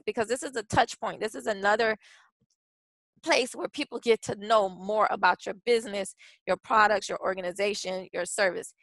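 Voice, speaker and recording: A woman's voice: on the high side, fairly bright tone, no echo, low-quality recording. Chatty woman teaching a webinar. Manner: chatty, many restarts and fillers. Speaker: workshop presenter.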